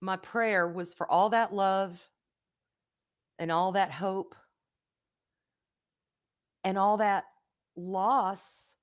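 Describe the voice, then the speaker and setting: A woman's voice: mid-range voice, fairly even intonation, extremely slow, long pauses. A middle-aged woman hosts a casual livestream and answers viewer comments. She talks in a frank, emotional way and swears without a second thought. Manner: frank, emotional, swears freely, says y'all. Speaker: livestream host.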